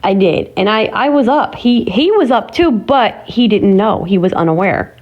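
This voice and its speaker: A woman's voice: medium pitch, animated, moderate pace, dull audio. A woman chatting casually at home on her vlog, rambling and exclaiming, sometimes muttering to herself. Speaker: vlogger. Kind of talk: casual chat.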